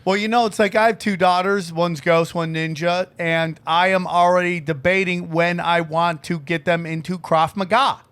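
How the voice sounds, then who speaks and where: A man's voice: high-pitched, moderate pace, few pauses, clear, resonant tone. A man hosting a podcast in casual comedic chat, telling rambling, profane stories. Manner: animated storytelling with put-on voices. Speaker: podcast host.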